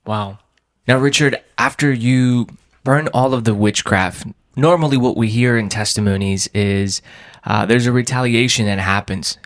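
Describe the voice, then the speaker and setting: A man hosting an interview, asking a guest measured, conversational follow-up questions. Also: medium pitch. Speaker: host.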